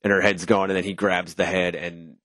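Deep-voiced man with blunt, sardonic takes. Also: little pitch movement, fairly quick, a bit bright, no room sound. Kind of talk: casual movie review chat.

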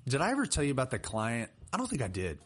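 A man's voice: mid-range voice, quick pace, husky. A young man, a personal trainer chatting casually on a podcast and telling stories with plenty of fillers. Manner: chatty, animated storyteller with laughs and fillers. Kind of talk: casual podcast chat and storytelling.

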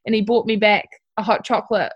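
The audio is dull, but this young woman's medium-pitched voice comes through quickly and fairly evenly. As a guest, the apprentice tradesperson opens up about a personal, emotional experience, candid and heartfelt, leaning heavily on "like" and "you know."

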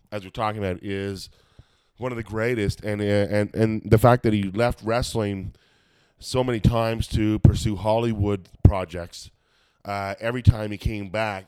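A stand-up comedian hosting a podcast chats casually and rambles, swearing a lot and using plenty of fillers, while dealing with a cold and a smoker's cough. His voice is lowish and darkish yet clear and resonant. The studio sound is clean, with no room sound.

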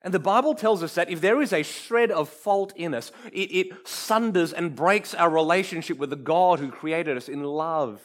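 A man preaching a sermon in an earnest, emphatic way, often dropping to a hush for effect. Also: on the high side, normal speed, hardly any pauses. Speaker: pastor.

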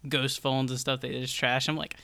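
A man's voice: medium pitch, flat delivery, normal speed, bright, forceful tone, no echo. A young man co-hosting a podcast, easygoing and laughing often as he chats. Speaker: podcast co-host. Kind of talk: casual chat.

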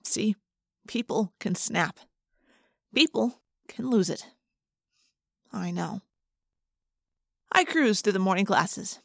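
A woman narrating a first-person audiobook in a brisk, expressive way. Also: mid-range voice, vocal fry, dry recording, studio quality.

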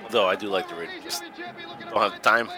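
A man's voice: on the low side, a little fast. A man with a Boston-area accent co-hosting a casual, profane watch-along podcast. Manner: laid-back, profane, laughing often. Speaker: podcast co-host. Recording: wrestling broadcast with crowd playing behind.

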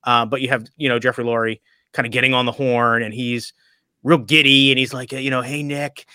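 Bright-voiced rambling sports-talk man. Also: medium pitch, level tone, fairly quick, clean tone, no room sound, clean studio sound. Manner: rambling, self-interrupting, laughs while telling stories. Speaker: podcast co-host.

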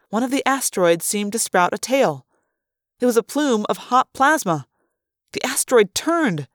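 A woman reading a science fiction novel aloud in steady, clear narration. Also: on the high side, moderate pace, no echo, studio quality. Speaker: audiobook reader.

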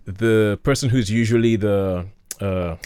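A man's voice: fairly low pitch, a little slow, mellow, smooth. A man chatting casually about films as a host, enthusiastic and rambling, with frequent restarts. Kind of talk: casual film chat.

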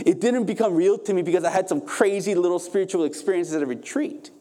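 A man preaching a sermon as pastor, passionate and emphatic, climbing to forceful peaks and then dropping to a softer, calmer tone. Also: high-pitched, quick pace.

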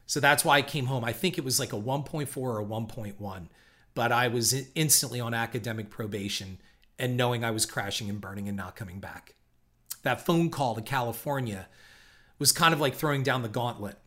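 A man's voice: medium pitch, fairly quick, a bit bright. A middle-aged man hosting a podcast, telling a personal story in a candid, reflective way with the odd curse word. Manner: candid, reflective, occasional swearing. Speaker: podcast host.

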